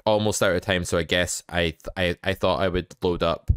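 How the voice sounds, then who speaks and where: A man with a Scottish accent hosting a podcast, talking in a flat, monotone way with dry, deadpan humor. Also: low-pitched, brisk, clean tone. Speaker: podcast host. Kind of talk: casual chat.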